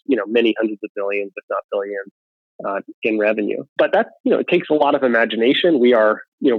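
A man speaking as a venture capital investor in an interview, measured and analytical, with frequent fillers. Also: mid-range voice, no echo. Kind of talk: interview answers. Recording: tinny phone-like line, dry.

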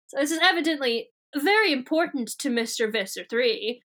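A young woman co-hosting a casual podcast, retelling a book's plot with lively storytelling and silly voices for the characters. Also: high voice, fairly quick, few pauses. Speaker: podcast co-host recapping a book. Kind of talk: casual chat.

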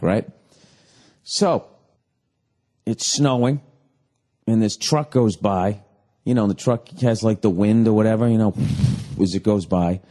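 A man's voice: sits low, mellow. Profane rambling male podcast host. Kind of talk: crude comedic storytelling.

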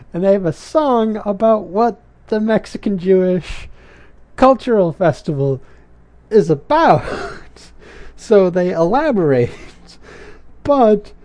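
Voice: medium pitch, dark tone. A reviewer giving casual commentary on a cartoon episode, rambling with puzzled, questioning asides and wry humor.

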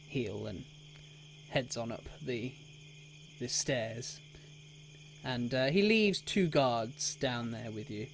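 A man running an improvised tabletop game as game master. He narrates slowly and hesitantly in a middling register, with a faint hiss under the recording. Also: mid-range voice. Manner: relaxed and hesitant, with many fillers.

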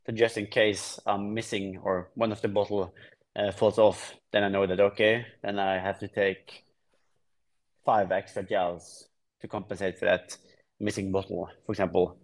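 Relaxed man from Norway, low voice. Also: normal speed. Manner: relaxed, explains plainly with frequent restarts. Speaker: guest triathlete. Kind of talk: casual podcast interview.

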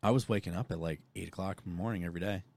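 A man's voice: deep voice, racing, vocal fry, a little mellow. A young man co-hosting a casual podcast, telling stories in a laid-back, profane way. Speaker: podcast co-host. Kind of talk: casual chat.

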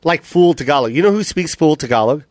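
A man's voice: fairly high pitch, lively intonation, quick pace, a little mellow, slight background noise. A middle-aged man hosting a casual podcast, teasing his guest playfully with bursts of laughter. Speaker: podcast host.

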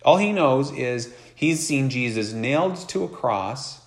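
A man's voice: mid-range voice, animated, a little slow. A man delivers a sermon in an easy, conversational way. He reads scripture aloud and acts out the people in it. His mid-range voice rings out through an echoey hall. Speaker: preacher.

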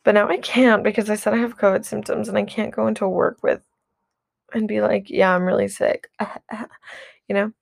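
A woman's voice: medium pitch, flat delivery, brisk, vocal fry, no echo, studio quality. A young woman vlogger chatting casually about her routine, rambling with lots of "like" and restarts, candid and swearing. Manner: rambling, heavy use of "like", frequent restarts.

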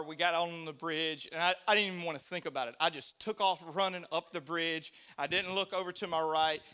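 A middle-aged man preaching a sermon, an animated storyteller who laughs and shouts out the lines he quotes. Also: on the high side. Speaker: pastor.

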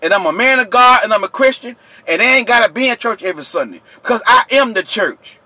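A man, yelling in an impassioned, preachy rant straight to his viewers. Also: sits high, animated, fast talker, no echo. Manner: yelling, preachy, repetitive, addresses viewers directly. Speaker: channel host.

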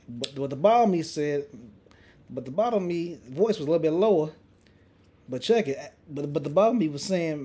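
A young man hosting a casual podcast, telling a story in a profane, animated way with lots of restarts. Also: fairly high pitch, fairly quick. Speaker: podcast host. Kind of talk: casual chat.

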